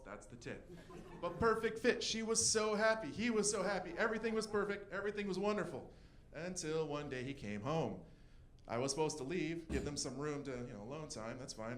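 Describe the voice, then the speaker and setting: A young man doing a stand-up comedy set, telling a story with quick voice switches for the people in it. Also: on the high side, animated, slight background noise. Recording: echoey room.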